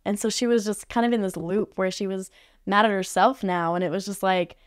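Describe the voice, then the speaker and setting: A woman's voice: mid-range voice, steady tone, brisk, dry recording, studio quality. A woman guest on a podcast, telling a story casually and chattily, with lots of "like" fillers. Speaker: podcast guest, art facilitator. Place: podcast studio.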